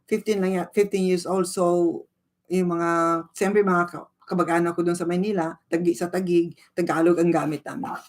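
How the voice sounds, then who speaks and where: A woman's voice: lowish voice, little pitch movement, a little fast, a little mellow. A woman in her sixties with a Filipino accent, hosting a casual livestream and greeting viewers by name while switching between English and Tagalog. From Philippines. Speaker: livestream host.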